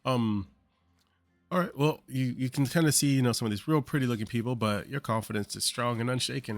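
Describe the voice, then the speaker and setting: A man's voice: mid-range voice, brisk, dry recording, faint music behind. A man narrating as game master, hesitant with fillers and voicing the other characters. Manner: hesitant, lots of fillers, voices non-player characters.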